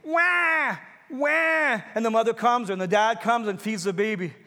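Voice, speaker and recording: A man's voice: high-pitched, steady tone, fast, a bit bright. A pastor in his fifties preaching a sermon in a church, speaking in an earnest, personal way and repeating phrases for emphasis. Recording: long hall reverb.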